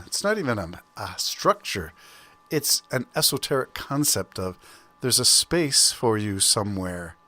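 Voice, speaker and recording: A man's voice: on the low side, pushed and bright. A man in his sixties hosting a casual solo podcast from home, chatty and rambling, with self-amused asides. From Canada. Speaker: podcast host. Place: home during a thunderstorm.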